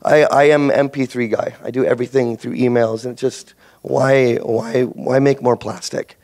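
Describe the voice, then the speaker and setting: A man's voice: medium pitch, little pitch movement, normal speed, darkish tone. A man with a Canadian accent, a voice actor speaking on a convention panel, giving career tips in a rambling, jokey way full of restarts. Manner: rambling, jokey, self-interrupting.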